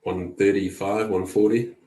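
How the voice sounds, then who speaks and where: A man who is a guest on a casual betting podcast, talking through his picks in a relaxed way that is full of "um" and "like.". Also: deep voice, a little slow, roomy sound. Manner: relaxed, lots of "um" and "like".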